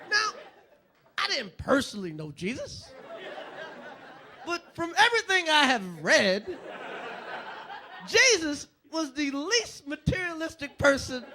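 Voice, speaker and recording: A man doing a stand-up comedy routine with slow, emphatic, lilting delivery on a club stage. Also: extremely high pitch, bright, forceful tone.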